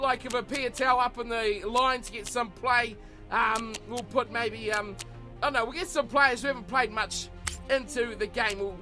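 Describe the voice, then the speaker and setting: A man with an unusually high voice, calling the action of a rugby video game like a sports commentator. He reels off play-by-play in a lively, chatty way, with game music playing clearly underneath. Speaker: video game let's player. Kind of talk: mock sports commentary over gameplay.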